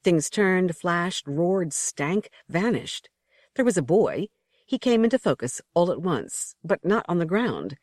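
A woman's voice: fairly low pitch, big pitch swings, measured pace, darkish tone, no echo, studio quality. A woman narrating an audiobook story with vivid, rhythmic storytelling. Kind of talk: expressive scripted narration.

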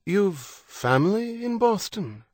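A man's voice: sits high, sing-song, slow, a little mellow, no echo, clean studio sound, voice pushed up, heavily acted. A man reading an audiobook, voicing a tall menacing armed leader with a reedy tenor voice who questions coldly. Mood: coldly probing. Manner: cold, probing, unsoftened questioning. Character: menacing armed man in wide-brimmed hat, cold leader.

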